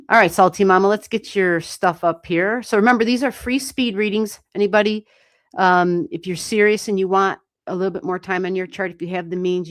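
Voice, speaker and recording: A woman giving casual, animated astrology readings on a livestream, chatting and swearing lightly as she goes. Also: fairly low pitch, no room sound, studio quality. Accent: US Midwestern. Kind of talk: casual live-stream reading.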